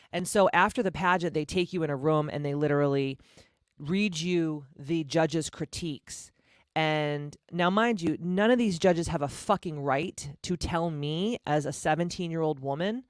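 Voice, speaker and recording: A woman's voice: sits low, no echo, studio quality. Blunt, profane woman podcaster. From Massachusetts. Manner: blunt and profane, chatty with many fillers. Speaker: podcast host. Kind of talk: candid solo podcast monologue.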